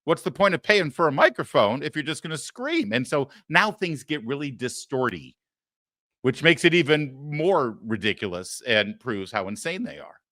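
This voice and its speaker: A man's voice: fairly high pitch, sing-song, normal speed, bright, forceful tone, no room sound, studio quality. A middle-aged man hosting a talk show, giving sarcastic, mocking political commentary.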